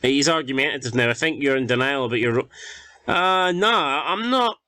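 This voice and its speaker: A man's voice: medium pitch, normal speed, pushed and bright, no room sound. A young man commenting on his football management game, exasperated and swearing as he calls the action. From Scotland. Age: young adult. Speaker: gaming YouTuber playing a football manager game. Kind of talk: casual gameplay commentary.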